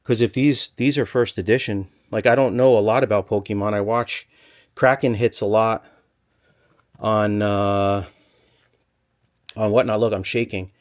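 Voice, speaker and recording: A man vlogging from a storage locker, rambling and thinking aloud in an excited stop-start way, a little out of breath. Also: fairly low pitch, a little slow, pauses often. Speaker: storage unit reseller. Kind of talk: excited unboxing vlog.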